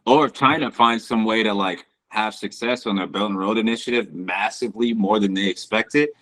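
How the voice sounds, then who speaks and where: A young man co-hosting a podcast, talking casually in slangy, animated speech. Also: lowish voice, normal speed, rough recording. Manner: slangy, animated, says bro a lot. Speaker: podcast co-host. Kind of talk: casual chat.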